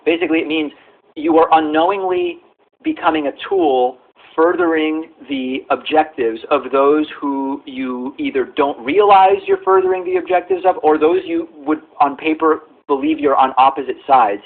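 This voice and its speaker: A man hosting a political show, speaking carefully and deliberately with hedges. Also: a little high, sing-song, vocal fry. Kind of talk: measured political commentary. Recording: phone-like narrow audio clip.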